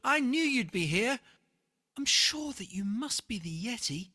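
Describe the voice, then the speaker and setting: A reader voicing an excited young boy on a quest, with eager exclaiming lines in a picture-book read-aloud. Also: medium pitch, normal speed, no echo, pitched above the performer's own voice, full character voice.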